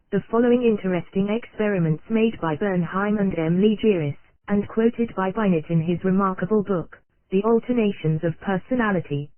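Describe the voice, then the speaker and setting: An audiobook narrator reads an old psychology text in a steady, even, measured delivery. The sound is squeezed into a narrow, phone-like band. The recording is dry and close, with no room echo. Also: medium pitch.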